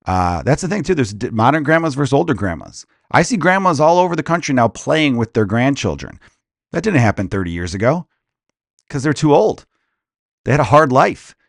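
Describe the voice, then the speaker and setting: A man's voice: medium pitch, sing-song, fairly quick, creaky, no room sound, clean studio sound. A man in his thirties, a stand-up comedian hosting his own podcast, telling a rambling, self-interrupting comic story in casual rant style.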